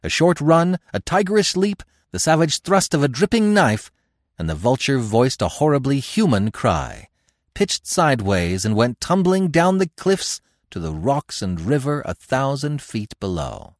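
A man's voice: mid-range voice, big pitch swings, measured pace, dry recording, clean studio sound. A man narrating an adventure story in a dramatic, scripted style, with wide swings in volume. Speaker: narrator and host.

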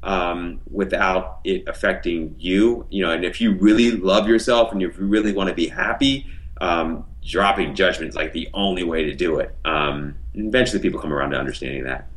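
A man's voice: low-pitched, brisk, a bit bright, low-quality recording. A man in a casual podcast discussion, explaining ideas in a reflective way with many fillers.

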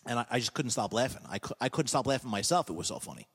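A man, a hypnotist guest on a comedy podcast, telling stories in a casual, animated way and laughing at his own jokes. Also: medium pitch, very fast, husky, in a large hall.

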